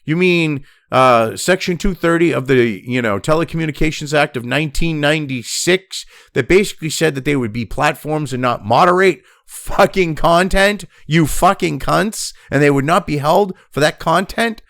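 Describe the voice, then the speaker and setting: A man's voice: a little high, moderate pace, few pauses, a bit bright, no room sound, clean studio sound. A man hosting a profane political rant, reading news aloud and then angrily mocking it. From United States. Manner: angry, crude, mocking, reads news then rants. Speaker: political commentary host.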